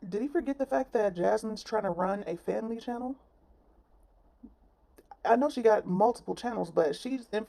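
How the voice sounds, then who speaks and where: A woman's voice: medium pitch, creaky, a little mellow. A woman giving blunt, sassy reaction commentary on a clip, with plenty of slang. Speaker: commentary vlogger.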